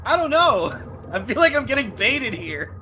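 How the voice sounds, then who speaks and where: High, bright-voiced teasing man. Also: big pitch swings, normal speed, faint music behind. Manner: teasing, laughing, incredulous. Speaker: friend on stream. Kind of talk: casual chat.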